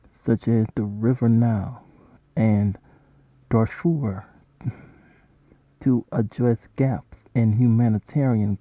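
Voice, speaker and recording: A man speaking as an aid organization's spokesperson, giving a measured, formal prepared statement. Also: mid-range voice, no room sound. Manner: measured, deliberate. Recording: dull, lo-fi played-back clip.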